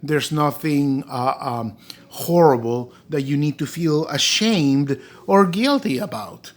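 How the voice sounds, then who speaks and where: A man's voice: fairly high pitch, slow pace. A man acting out a patient, reassuring friend.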